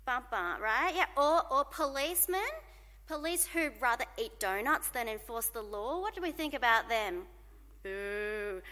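A woman preaching a sermon in an animated way, asking the congregation to call out responses, in a church hall. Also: high voice, normal speed.

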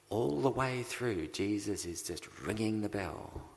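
Slow gravelly-voiced male preacher. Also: on the low side, big-room sound. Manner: slow, deliberate preaching with dramatic pauses. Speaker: pastor. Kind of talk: sermon.

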